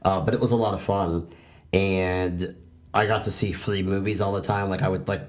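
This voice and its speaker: A man in his twenties co-hosting a podcast. He talks in a relaxed, easygoing way with many fillers. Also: low-pitched, moderate pace. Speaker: podcast co-host. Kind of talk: casual chat.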